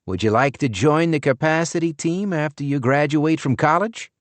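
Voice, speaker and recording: A man voicing a smooth, courteous older businessman in an audiobook. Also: on the high side, animated, moderate pace, dry recording, voice pushed up, lightly acted.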